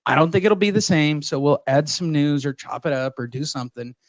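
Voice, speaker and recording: High-voiced joking male podcaster, dull lo-fi sound. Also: a little fast, no room sound. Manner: profane, joking storyteller. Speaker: podcast co-host. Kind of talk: casual chat.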